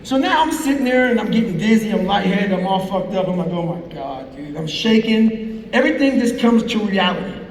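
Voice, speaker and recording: A man's voice: high voice, lively intonation, brisk. A middle-aged man telling a profane, intense story to a live audience as a motivational speaker. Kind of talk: live storytelling talk on stage. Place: large hall with a live crowd. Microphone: stage speech heard from the crowd on a fan's camera. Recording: roomy, far-off hall recording from the crowd.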